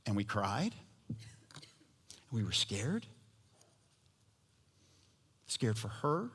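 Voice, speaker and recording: A man's voice: lowish voice, big pitch swings, drawn-out words, fairly bright tone, husky. A middle-aged man preaching a sermon, telling a personal story in a conversational, humorous way. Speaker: pastor. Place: church sanctuary. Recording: long hall reverb.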